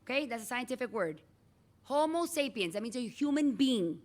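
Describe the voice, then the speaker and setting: A middle-aged woman teaching a class, her voice sitting a little above the usual pitch. She talks in a chatty, animated way and calls on students by name as she goes. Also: normal speed. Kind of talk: classroom lecture.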